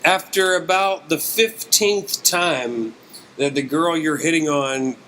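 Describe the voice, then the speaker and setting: Brief: male comedian host from West Virginia, crisp bright tone, dry deadpan delivery, light background hiss. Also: a little high, slow pace. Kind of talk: casual storytelling.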